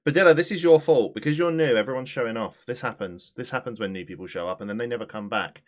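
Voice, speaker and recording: A man streaming a game live, chatty and animated, swearing and talking to his chat. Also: mid-range voice, quick pace, hardly any pauses. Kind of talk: live-stream gameplay commentary.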